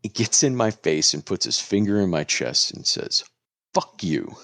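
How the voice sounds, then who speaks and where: A lawyer recounts a story in a deep, low voice, acting out what each person said. The sound is dry and close, with no room around it. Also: male voice, normal speed, no echo. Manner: animated, acts out quoted lines. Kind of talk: casual podcast storytelling.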